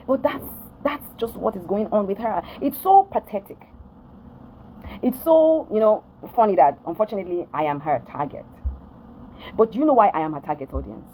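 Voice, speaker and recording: A woman's voice: mid-range voice, lively intonation, moderate pace, mellow, slight background noise, low-quality recording. A Nigerian woman ranting straight to camera for her followers, emphatic and repetitive, often asking if they understand. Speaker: vlogger addressing followers. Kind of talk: direct-to-camera rant.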